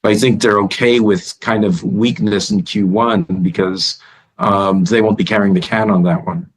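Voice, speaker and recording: A man who is a guest analyst in a remote interview, thoughtful and halting with repeated starts. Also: lowish voice, fairly even intonation, low-quality recording.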